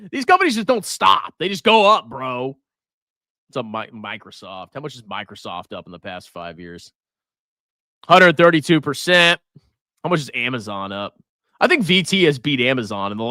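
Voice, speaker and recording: Male finance streamer, casual and brash, bright lively delivery, dry close mic. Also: fairly high pitch, dry recording. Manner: brash, mocking, laughs often. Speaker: finance livestream host. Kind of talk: casual market commentary.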